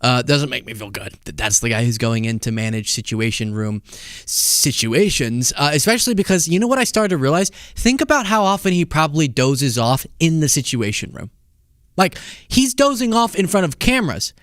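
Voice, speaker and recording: Male commentary host, casual and sarcastic, animated delivery, mid pitch, dry close sound. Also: normal speed, dry recording.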